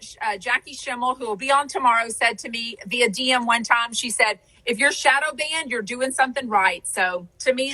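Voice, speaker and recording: A woman's voice: fairly high pitch, pushed and bright, rough recording. A woman hosting a podcast, chatting casually in a rambling way with lots of fillers. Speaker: podcast host. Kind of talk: casual chat.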